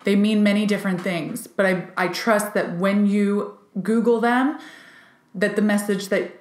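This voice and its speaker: A woman giving a casual, channeled card reading to her viewers, excited and chatty, with many "like" fillers. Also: medium pitch, a little slow. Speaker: intuitive card reader. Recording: roomy echo.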